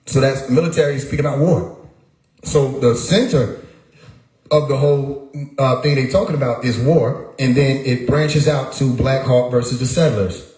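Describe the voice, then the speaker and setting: Man, livestream host, emphatic, repeats himself, mid pitch, echoey room. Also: normal speed, a little mellow. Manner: emphatic, repeats words, rhetorical questions. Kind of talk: casual livestream monologue.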